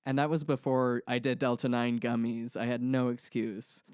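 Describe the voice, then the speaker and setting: A man's voice: medium pitch, level tone, moderate pace, darkish tone, smooth, no echo. A young man co-hosting a podcast in casual chat, rambling and self-deprecating as he tells stories, often laughing. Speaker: podcast co-host.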